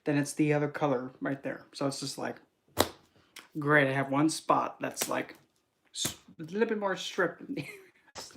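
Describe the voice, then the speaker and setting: A man's voice: fairly high pitch, moderate pace, creaky, long pauses, noisy background. Rambling young man telling stories on stream. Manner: rambling storytelling with many fillers. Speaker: spiritual reader streamer. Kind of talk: casual livestream chat.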